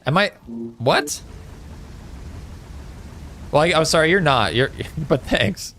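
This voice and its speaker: A man's voice: a little high, lively intonation, slow, a bit bright, slight background noise. A man chatting casually with viewers on a live gaming stream, reading out chat messages with lots of fillers. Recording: faint music behind.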